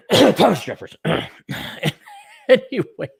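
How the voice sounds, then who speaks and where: A man's voice: high voice, sing-song, slow pace, gravelly, a little mellow, breathy edge, no room sound, studio quality. A middle-aged man giving a blunt, sarcastic opinion monologue as a commentator. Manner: sarcastic and blunt, mocks in put-on voices. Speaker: commentator reading and reacting.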